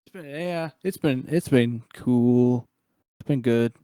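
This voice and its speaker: A man voicing a shy, eager young boy in a tabletop game, speaking in a halting, excited way. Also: mid-range voice, clean tone, no room sound, clean studio sound, natural voice.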